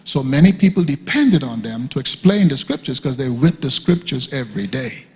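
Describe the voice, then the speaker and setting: A man's voice: medium pitch, expressive, normal speed, darkish tone, slightly rough. An older man teaching at a church leadership conference, in a conversational style with joking asides. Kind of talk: teaching talk. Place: church hall. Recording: long hall reverb.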